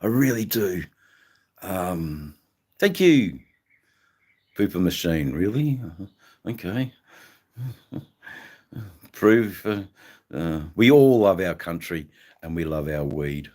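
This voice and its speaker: Slow, deep-voiced Australian man. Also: very animated, mellow. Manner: rambling, halting, with many ums and mates. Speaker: livestream host. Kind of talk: casual livestream chat with viewers.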